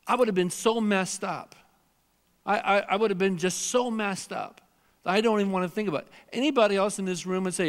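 A man's voice: sits high, long reverb tail. A man preaching a sermon as pastor, earnest and emphatic, repeating phrases and acting out prayers and scripture in a church sanctuary.

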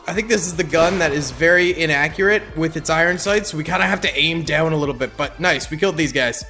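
Young man, gameplay commentary, high lively voice, gravelly edge, goofy and hyped. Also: fairly quick, hardly any pauses, soft background music. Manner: goofy, hyped, yelps and laughs often. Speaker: gaming channel host.

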